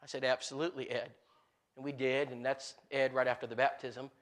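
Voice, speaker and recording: A man's voice: mid-range voice, fairly quick. A man preaching a sermon and telling stories, acting out the people in them, with many restarts and fillers. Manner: animated, acts out the people in his stories; frequent restarts and filler words. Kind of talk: storytelling sermon.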